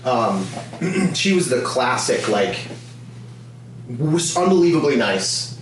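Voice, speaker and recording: A man with a lively, swooping delivery tosses in crude asides and fond stories. He sits far from the mic in a very echoey room, with a faint hum underneath. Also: medium pitch. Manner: animated, profane, quick asides. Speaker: podcast co-host. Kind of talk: casual comedic chat. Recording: echoey distant camera audio with hum.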